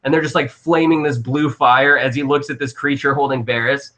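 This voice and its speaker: A man's voice: mid-range voice, fairly even intonation, a little fast, fairly bright tone. A young man narrating as game master, rambling with lots of fillers and restarts.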